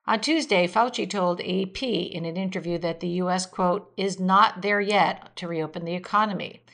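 Woman reading political news, lower voice. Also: normal speed, creaky, fairly bright tone. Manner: reads quotes aloud, adds occasional asides with fillers. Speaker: podcast host reading weekly political news. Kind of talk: read-aloud news commentary.

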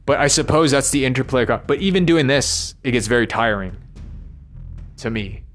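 A man venting in a loose, rambling monologue. He sounds worn out and frustrated, stopping and restarting his thoughts and swearing freely. His voice sits at an ordinary middle pitch. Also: lively intonation, a bit bright, soft background music. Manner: weary, frustrated venting, halting and profane. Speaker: vlogger.

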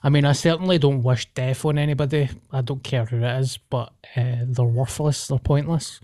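Blunt Scottish podcast host. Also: male voice, medium pitch, steady tone, normal speed, mellow. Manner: blunt, swearing. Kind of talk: casual comedy podcast chat.

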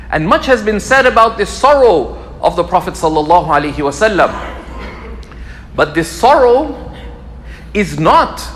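Expressive male scholar in a reverberant hall. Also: high voice, slight background noise. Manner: expressive, repeats key phrases for emphasis. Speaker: Islamic scholar teaching. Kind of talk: lecture sermon.

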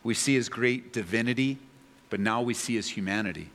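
A man's voice: medium pitch, fairly quick, a bit bright, big-room sound. A man preaching a sermon as a pastor, earnest and pleading, building to impassioned peaks.

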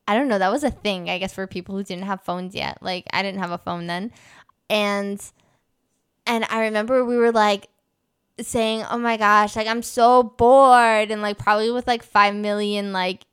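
A young woman co-hosting a chatty podcast, her voice smooth and clear, at an ordinary middle pitch. She rambles along with plenty of fillers, "like"s and false starts. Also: a bit bright. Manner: rambling, many fillers and restarts. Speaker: podcast co-host. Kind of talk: casual chat.

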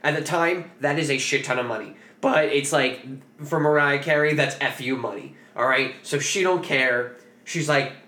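A man's voice: mid-range voice, moderate pace, sharp tone, roomy sound. A man hosting a podcast, telling a story in a loose, profane, joking way. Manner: loose, profane, jokey storytelling with acted quotes. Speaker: podcast host. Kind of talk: casual storytelling chat.

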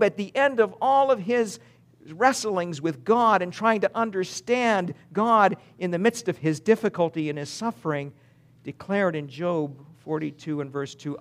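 Male pastor, fairly high voice, sermon delivery, reads verses slowly, punches key words then drops to a near hush. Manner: emphatic, with sudden swings between loud and hushed delivery; reads scripture slowly and deliberately.

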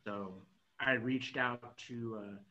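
A man's voice: medium pitch, fairly even intonation, slow pace, sharp tone, lo-fi sound. A young man from California's Central Valley, a podcast guest talking in a loose, rambling way and laughing often. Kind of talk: casual chat.

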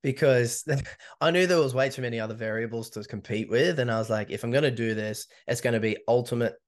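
A man's voice: medium pitch, fairly quick. A man, a podcast guest telling a candid, swearing story and acting out the quotes. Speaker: podcast guest, ultra runner. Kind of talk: casual storytelling.

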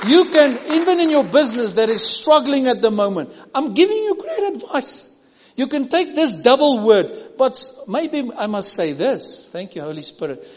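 Brief: high-pitched South African man, pastor, emphatic repeating sermon delivery, muffled church-hall echo. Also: very animated, normal speed. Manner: emphatic, repetitive preaching with sudden drops to a hush.

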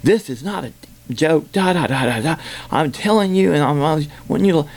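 A man's voice: medium pitch, big pitch swings, normal speed, darkish tone, breathy edge, pitched above the performer's own voice. A man voicing an upset young woman near tears, pleading and insistent in a raised voice.

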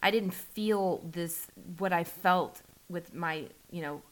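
A woman in a candid, casual conversation, telling her story with frequent false starts. She gets animated and lifts her voice when acting out what was said. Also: slow pace. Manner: animated, acts out quotes with rising pitch, restarts often.

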